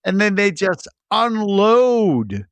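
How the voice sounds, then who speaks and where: A man co-hosting a casual movie podcast, his voice sitting a little high. He tells animated stories and acts out scenes and sound effects as he goes. The recording is dry and close. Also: takes it slowly, clean tone, no echo. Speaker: podcast co-host.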